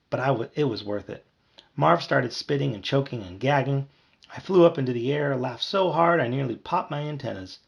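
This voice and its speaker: A man reading a children's book aloud in a lively storytelling manner. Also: vocal fry, dull audio. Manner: lively, voices characters with higher shouts. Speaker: audiobook reader.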